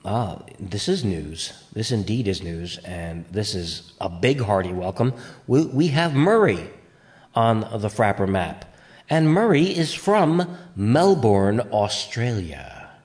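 A man's voice: on the low side, darkish tone. A man hosting a podcast in casual chat, rambling with playful asides, recorded on a home mic. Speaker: podcast host.

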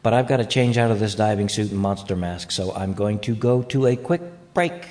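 A man's voice: fairly low pitch, brisk, a little mellow. A congested man hosting a podcast in a casual, joking, rambling way. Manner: jokey, rambling asides. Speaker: podcast host. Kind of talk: casual chat.

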